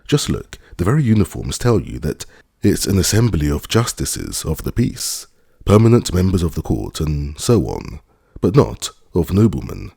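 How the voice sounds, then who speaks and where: A man's voice: low-pitched, big pitch swings, moderate pace, creaky, mellow, breathy edge, no echo, studio quality, exaggerated voice. A man reading an old grey-whiskered landowner who talks in a genial, reflective, slightly lecturing way. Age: older.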